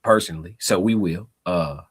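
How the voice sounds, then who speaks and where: A man's voice: low voice, moderate pace, husky. A man hosting a live reaction show, talking casually in with slangy, laughing asides.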